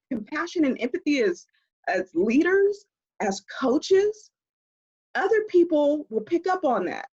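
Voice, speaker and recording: A woman speaking as an expert guest in a conversational interview, explaining in an animated way and laughing often, heard over a video call. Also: high-pitched, muffled recording.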